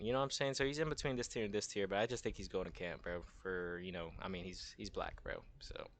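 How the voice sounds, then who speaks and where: A man's voice: fairly low pitch, sharp tone, no room sound. A young man giving casual, rambling, slangy commentary and tossing in "bro" a lot. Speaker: content creator.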